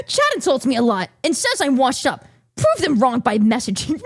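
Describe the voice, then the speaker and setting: A woman's voice: high voice, huge pitch swings, a little fast. A woman streamer chatting live to her viewers, giggly and incredulous, breaking into exclamations. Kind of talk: casual live-stream chat.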